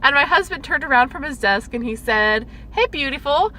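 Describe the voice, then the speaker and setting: A woman's voice: high-pitched, animated, a little fast, background noise. A woman co-hosting a casual podcast, sharing a personal story in an earnest, confessional way. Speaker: podcast co-host.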